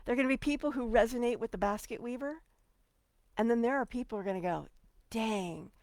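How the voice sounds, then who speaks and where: A middle-aged woman hosting a motivational solo talk, animated and playful, swinging between loud bursts and quiet asides. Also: mid-range voice, dry recording. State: getting emotional. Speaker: podcast host.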